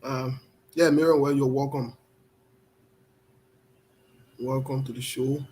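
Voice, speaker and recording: A man hosting a casual online talk show, welcoming viewers by name and scolding them in an animated way. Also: medium pitch, takes it slowly, a little hiss or hum. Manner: animated, scolding, switches to spoken Liberian English.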